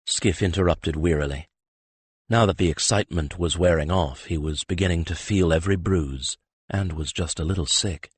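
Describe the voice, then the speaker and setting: A man narrating an audiobook in a lively, expressive manner. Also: low voice, normal speed, husky, no room sound.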